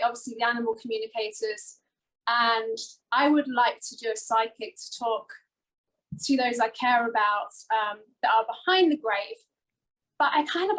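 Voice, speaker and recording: A woman's voice: on the high side, fairly bright tone, rough recording. Emotional woman telling a personal story. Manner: earnest, emotional, rambling with many fillers. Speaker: talk show co-host. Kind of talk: personal storytelling on a talk show.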